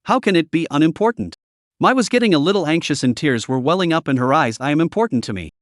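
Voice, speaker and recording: A man's voice: on the high side, expressive, fast talker, no echo, clean studio sound, close to an everyday voice. A man voicing a timid, tearful young woman who keeps pleading and apologizing.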